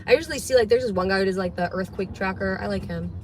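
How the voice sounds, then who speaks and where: A woman's voice: medium pitch, rapid-fire, a little mellow. A young woman livestreaming from a car, chatting in a rambling way and swearing casually. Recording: livestream in a car with road noise. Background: car and road noise.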